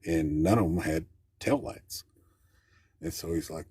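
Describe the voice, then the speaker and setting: Very deep, husky-voiced man telling a story. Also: a little slow, mellow, no echo, clean studio sound. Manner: plainspoken, rambling, folksy grammar. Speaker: caller. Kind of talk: casual storytelling.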